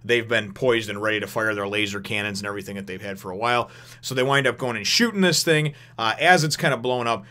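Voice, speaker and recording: A man's voice: fairly low pitch, fast talker, pushed and bright. A man rambling through a casual manga chapter review, swearing freely and laughing as he goes. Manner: rambling, profane, laughs often.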